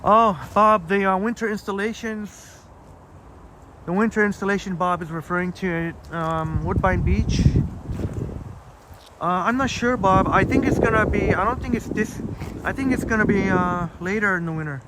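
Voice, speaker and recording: A Canadian man with a high-sitting voice and normal speed live-streams from his phone while walking nature trails in a park. He chats casually and reads out viewer comments with plenty of fillers, with outdoor noise audible behind him.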